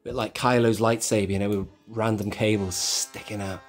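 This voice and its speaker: Brisk and fairly even in intonation, this toy collector's fairly low voice carries his own channel's hands-on toy tutorial, which is chatty, rambling and constantly self-correcting. Faint music plays behind him.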